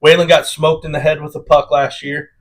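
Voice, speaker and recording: A man with a fairly high voice co-hosting a laid-back podcast. He talks in an upbeat, rambling way, with lots of "um" and "uh" as he goes. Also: little pitch movement, fairly quick. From Iowa, United States. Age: adult with children. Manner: upbeat, rambling, many fillers. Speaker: podcast co-host. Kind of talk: casual podcast chat.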